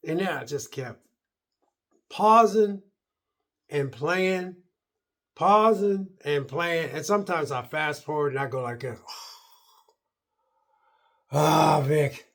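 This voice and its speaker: A man's voice: on the high side, moderate pace, fairly bright tone. A middle-aged man vlogging a casual, rambling movie review, repeating himself and acting out his own reactions. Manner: rambling and repetitive, quoting himself.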